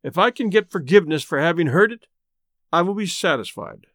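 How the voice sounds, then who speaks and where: A prim, self-important older landlady from a storybook, fussy in her speech, with a male narrator reading her part. The voice is fairly high and dry, recorded close. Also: lively intonation, fairly quick, a bit bright, no room sound. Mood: flustered.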